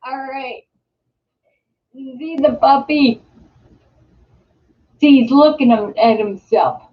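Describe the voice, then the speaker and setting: A woman's voice: high voice, very slow. A middle-aged woman hosting a casual live stream from home, rambling with lots of fillers and restarts. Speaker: host. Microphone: webcam or computer mic. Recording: slightly dull, lo-fi home webcam audio.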